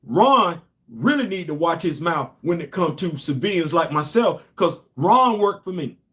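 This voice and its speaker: Animated high-voiced man hosting opinion talk. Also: unhurried. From New York. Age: middle-aged. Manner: animated, emphatic, swings between loud and low asides. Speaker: host.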